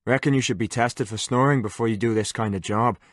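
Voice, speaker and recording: A man voicing a crude, wry male army corporal with a soft Irish accent in an audiobook. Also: medium pitch, brisk, no room sound, studio quality, natural voice. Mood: wry grumbling. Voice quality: soft-spoken.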